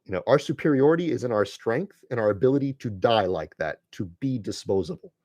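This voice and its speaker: Expressive and fairly quick, this man's mid-range voice is a bit mellow, with no room sound. Hosting a live stream, he gives viewers an impassioned, preachy monologue, speaking to them bluntly and repeating phrases to drive his points home.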